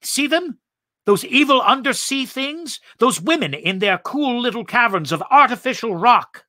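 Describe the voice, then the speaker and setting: A panicky Martian soldier who trembles, whispers and breaks into frightened cries, as a man acts him out. The tone is bright and the sound is dry and close. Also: mid-range voice, very animated, a little slow, no echo, full character voice. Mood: panicked.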